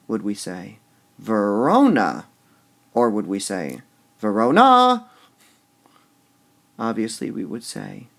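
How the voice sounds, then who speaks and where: A man teaching poetic meter in a recorded lesson, slowly sounding out syllables and muttering to himself as he marks the stresses. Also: fairly low pitch, creaky, a little mellow. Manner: slow and deliberate, sounding out stressed syllables, drops to a mutter when writing.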